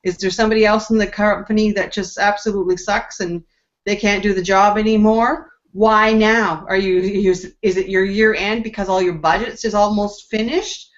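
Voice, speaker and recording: On a video call with dull, lo-fi sound, a woman panelist speaks at a moderate pace in a mid-range voice with fairly even intonation. She explains her view casually during the group discussion, leaning on many examples.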